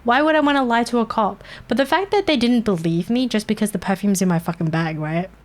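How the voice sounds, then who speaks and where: A woman's voice: a little high, fast talker. Candid woman telling a story, swearing. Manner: candid, swears freely, chuckles between points. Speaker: streamer. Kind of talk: casual storytelling chat. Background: faint background music.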